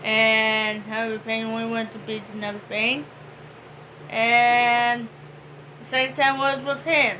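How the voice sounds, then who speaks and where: A woman's voice: a little high, level tone, a little slow, pushed and bright, slight background noise, low-quality recording. A woman co-hosting a home vlog, chatting casually and rambling with many fillers. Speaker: vlog co-host. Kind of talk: casual chat.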